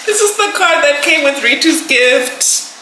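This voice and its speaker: A young woman vlogger unboxes gifts in a casual video, gushing, emotional and laughing often. Her high-pitched voice is animated but a little slow. The room is echoey, with background noise.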